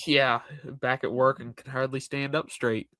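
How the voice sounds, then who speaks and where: A man's voice: mid-range voice, little pitch movement, a little slow, sharp tone, dry recording. A man co-hosting a racing podcast in casual chat, blunt and profane. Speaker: podcast co-host.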